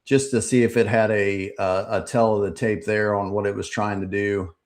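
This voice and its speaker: A man with a slightly low voice talks through his trading day on a live stream. He rambles in an easygoing way, filling pauses with ums and uhs as he goes over the charts. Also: level tone. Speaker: trading channel host. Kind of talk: casual live market recap.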